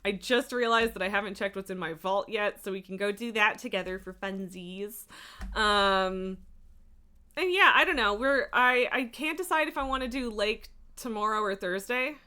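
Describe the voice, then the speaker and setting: A woman's voice: mid-range voice, normal speed, sharp tone, clear, resonant tone. A woman streamer chatting casually to her viewers, rambling through tangents with frequent laughs, fillers and swearing. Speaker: livestreamer. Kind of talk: casual live-stream chat.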